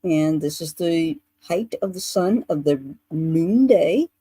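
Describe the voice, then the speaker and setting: A woman psychic medium giving a spiritual rune reading on a livestream, explaining steadily with filler pauses. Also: on the low side, expressive, warm tone, husky, no room sound, rough recording.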